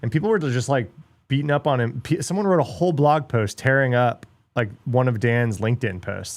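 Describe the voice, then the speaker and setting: A middle-aged man with a mid-range voice hosts a livestream, ranting bluntly at a fairly quick pace. His casual chat is packed with swearing and filler words, and there's no room sound.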